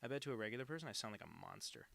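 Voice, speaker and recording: A man's voice: medium pitch, big pitch swings, rapid-fire, gravelly, fairly bright tone. A man chatting casually on a live drawing stream, rambling and self-deprecating with crude asides.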